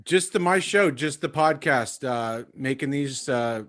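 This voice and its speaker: A man's voice: mid-range voice, lively intonation, unhurried, fairly bright tone. A man who does impressions, a guest on a podcast, talking casually in a rambling way full of filler phrases. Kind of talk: casual chat.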